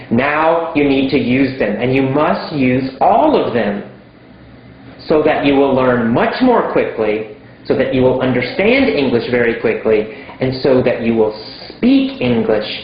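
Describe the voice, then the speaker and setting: Slow, emphatic man in an echoey room. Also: mid-range voice. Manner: emphatic, repeats simple words for learners. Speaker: English teacher. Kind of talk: slow teaching monologue to camera. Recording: very echoey room, dull lo-fi sound.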